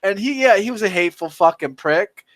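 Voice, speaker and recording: A man's voice: sits high, expressive, fairly quick, no room sound. A man in profane casual chat on a stream, telling crude, heated stories and laughing through his rants.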